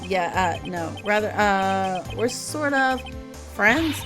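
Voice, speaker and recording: A woman's voice: mid-range voice, lively intonation, slow pace, fairly bright tone, far from the mic. A woman voicing an earnest young male lawyer in a video game, speaking politely and a bit hesitantly, with game music behind.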